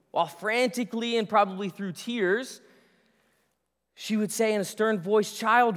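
Male pastor, bright high voice, chatty sermon delivery, long hall reverb. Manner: conversational, restarts phrases, storytelling asides.

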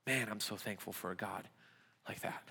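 Gravelly and husky, with a sharp edge, the young man's fairly low voice moves at a moderate pace. He's a youth pastor giving a conversational sermon full of rhetorical questions in a church sanctuary, recorded with church hall reverb.

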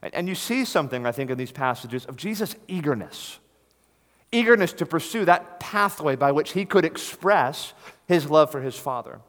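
A man's voice: on the high side, lively intonation, moderate pace, a bit bright. Earnest male preacher in an echoing hall. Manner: earnest, emphatic, rises to stress key words. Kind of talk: sermon. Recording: long reverb of a large hall.

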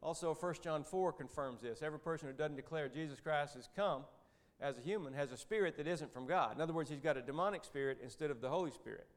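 A man's voice: on the high side, fast talker, few pauses. Folksy middle-aged man telling a story. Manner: conversational, folksy, with joking asides. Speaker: Christian businessman speaker. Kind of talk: storytelling church talk.

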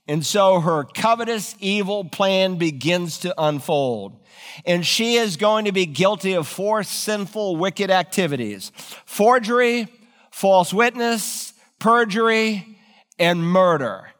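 Dramatic high-voiced preacher in a hall. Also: male voice, slow pace. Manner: dramatic storytelling, animated. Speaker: pastor. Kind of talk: sermon.

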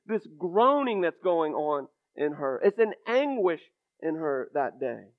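A man preaching a sermon with passion, sinking to a hush and then rising to loud, emphatic declarations. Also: a little high, very animated, measured pace. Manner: impassioned, builds from hushed to loud. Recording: thin phone-like recording.

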